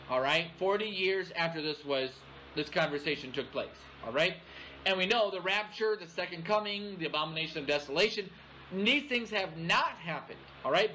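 A man preaches an expository sermon, pausing often to ask "all right?" His voice sits high and sounds bright. Faint background noise hums under the church recording. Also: low-quality recording. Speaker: pastor.

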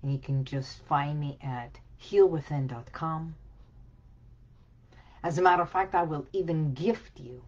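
A woman wellness coach giving a slow, soothing motivational talk, sometimes dropping into soft whispered affirmations. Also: low-pitched, dull audio.

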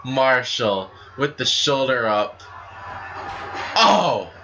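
A man giving play-by-play commentary on a wrestling video game, excitable and breaking into shouts at big moves. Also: medium pitch, extremely slow, gravelly, dull audio, over music. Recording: steady background noise.

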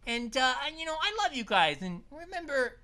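A woman's voice: high-pitched, big pitch swings, brisk, full character voice. A woman voicing a hyper, goofy talking grape who hosts a let's play, squealing, giggling and rambling with many restarts. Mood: mellow. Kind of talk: excited let's play commentary. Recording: loud game music behind voice. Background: loud video game music.

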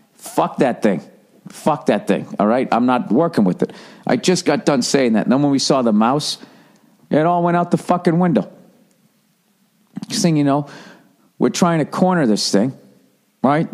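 A man's voice: medium pitch, a little mellow. A middle-aged American man with an American accent, ranting in a profane, rambling, self-mocking comedic monologue as a podcast host.

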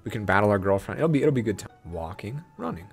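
A young man hosting a gaming channel, giving excited, playful let's-play commentary and talking to the game. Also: on the low side, rapid-fire, faint music behind. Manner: hyped, playful, talks to the game.

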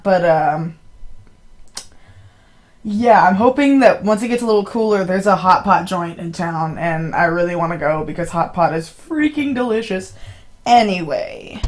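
A woman, chatting casually and rambling to her viewers while streaming a game. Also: medium pitch. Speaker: streamer playing a visual novel. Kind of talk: casual live-stream chat.

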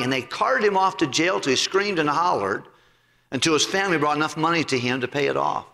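A man's voice: on the high side, vocal fry. A man preaching a sermon as pastor, telling a parable and acting out its voices. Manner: animated storytelling, acts out the parable's voices. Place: church sanctuary. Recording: church sanctuary with long reverb.

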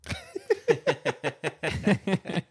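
Man, podcast host, casual joking chat, animated pitch, laughs a lot. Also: very slow, husky.

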